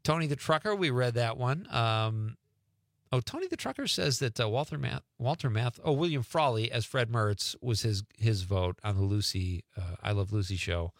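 A man's voice: medium pitch, dry recording. A middle-aged man hosting a radio talk show in a studio, reading out listener texts in a casual, jokey way. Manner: lively, jokey, quick reactions. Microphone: studio microphone.

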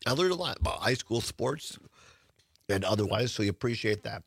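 A man's voice: on the low side, expressive, brisk, creaky, fairly bright tone, slightly rough, dry recording, clean studio sound. A man hosting a radio talk show, chatting casually and laughing often. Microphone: studio microphone.

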